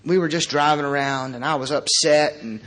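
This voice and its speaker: A man's voice: a little high, fairly even intonation, normal speed, fairly bright tone. A young man speaking at a recovery meeting, telling his personal story in an earnest, conversational way.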